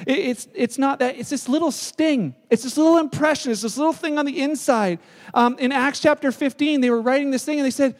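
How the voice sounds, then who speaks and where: High-voiced male preacher in a hall. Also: fairly quick. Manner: lively, acts out quoted voices. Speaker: pastor. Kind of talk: sermon. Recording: echoey hall sound.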